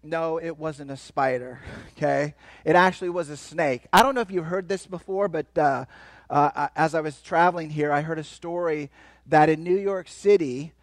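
A man giving a lively, playful sermon as a guest speaker, joking with the crowd and swinging between loud and soft. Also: fairly high pitch, normal speed, no echo. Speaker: guest speaker at a church kids' event. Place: church hall.

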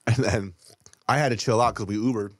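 A man's voice: on the low side, steady tone, fairly quick, dry recording, studio quality. A man co-hosting a casual podcast, joking around with plenty of laughter and swearing. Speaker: podcast co-host.

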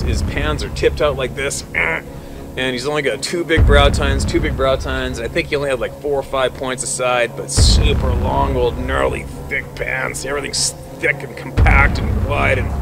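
Excited swearing hunting guide telling stories. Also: male voice, medium pitch, gravelly. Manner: animated, swearing, repeats himself. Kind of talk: excited outdoor storytelling.

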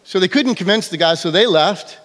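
Brief: high-voiced man preaching a sermon, animated storyteller, long church reverb. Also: fairly quick. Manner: animated storytelling, frequent "okay?" check-ins. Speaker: pastor. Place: church sanctuary.

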